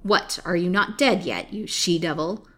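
A greedy old witch of a jailer, put on by a woman reading a storybook, who barks her taunts loud and scornful. The voice sits on the low side and snarls rather than speaks. Every line sounds like a threat. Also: lively intonation, normal speed. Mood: menacing. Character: furious old hag jailer, cruel and greedy.

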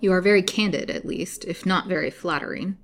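A woman voicing a cold, insistent young male suitor in a storybook reading, speaking forcefully. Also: low voice, a little fast, natural voice. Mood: cold menace. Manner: forceful, imploring then menacing.

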